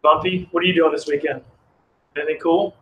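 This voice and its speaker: A man's voice: fairly high pitch, fairly even intonation, brisk, phone-quality sound. A man homebrewing outdoors in the cold, chatting casually on a live stream and reading chat messages aloud.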